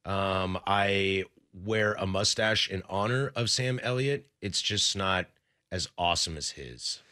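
A man's voice: deep voice, slow, bright, forceful tone, clean tone, dry recording, studio quality. A young man hosting a sports radio show, chatting casually and jokingly with his co-host. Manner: laid-back, jokey banter. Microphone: studio microphone.

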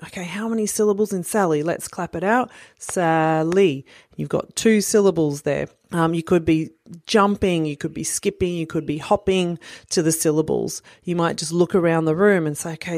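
Low-voiced woman explaining early reading skills. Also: a little mellow, no room sound, clean studio sound. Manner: friendly, explanatory, frequent "you know" fillers. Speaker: parent educator. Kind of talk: instructional talk to parents.

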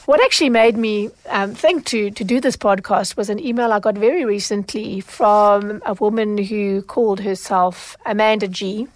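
A woman's voice: mid-range voice, no echo. A middle-aged woman hosting a solo podcast about consumer matters, telling a story and acting out what people said. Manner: animated when retelling, acts out quoted lines. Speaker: podcast host, consumer advocate.

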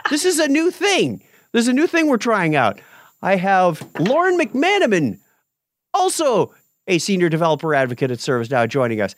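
An upbeat man hosts a tech podcast, his fairly high voice swinging up and down with energy. He is recorded close and dry, with no room sound at all. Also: dry recording. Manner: upbeat, animated, self-correcting. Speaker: podcast host. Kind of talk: podcast hosting, scripted intro then casual chat.

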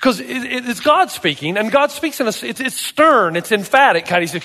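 A man's voice: very high voice, lively intonation, fairly quick, hardly any pauses, bright, forceful tone, big-room sound. A male pastor preaching a sermon, telling stories with animation and asking emphatic rhetorical questions.

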